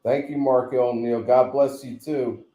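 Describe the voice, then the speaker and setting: A New man chats on a late-night home live stream, drifting from story to story with a joking, rambling ease. His voice is warm and mellow, and his words ring a little in a roomy, echoey space. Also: medium pitch, steady tone, measured pace. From New Jersey. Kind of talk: casual live stream chat. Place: home room, in bed. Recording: roomy echo.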